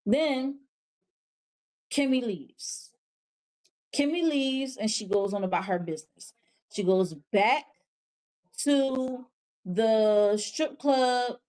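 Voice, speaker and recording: A woman's voice: on the high side, animated, slow, long pauses, darkish tone. A woman hosting a casual review of a TV show, recapping scenes in a chatty, slangy way with frank, exasperated asides. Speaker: host.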